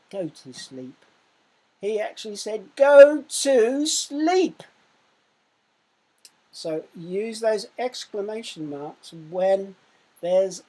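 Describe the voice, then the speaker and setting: A woman teaches young children in a recorded lesson. She speaks very slowly and deliberately in a somewhat low, husky voice, and pushes her voice up loudly when she shows what an exclamation sounds like. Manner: slow, clear teaching voice that loudly acts out exclamations. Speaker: primary school teacher.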